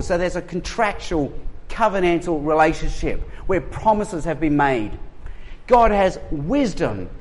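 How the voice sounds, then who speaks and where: A high-voiced Australian man in his forties delivers a sermon with lively, humorous energy. He jokes with the congregation and acts out the voices in his stories. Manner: animated, humorous storytelling. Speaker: pastor.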